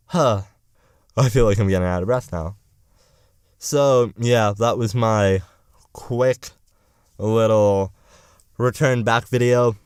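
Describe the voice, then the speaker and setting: Ranting young man, smooth dry voice. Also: on the low side, darkish tone, dry recording. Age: young adult. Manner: ranting, profane, sarcastic. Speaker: political vlogger. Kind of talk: rambling political commentary.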